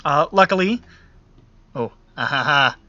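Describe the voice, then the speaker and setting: A man's voice: on the high side, lively intonation, unhurried, sharp tone, no room sound, muffled recording. A man running a tabletop game as game master, narrating loosely and joking with the players. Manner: loose, joking, with many uh fillers.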